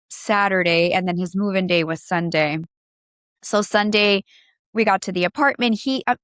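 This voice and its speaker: In a studio-quality recording with no echo, a woman co-hosts a podcast in a medium-pitched, fairly bright voice. The casual chat is emotional and rambling, with many restarts and trailing thoughts.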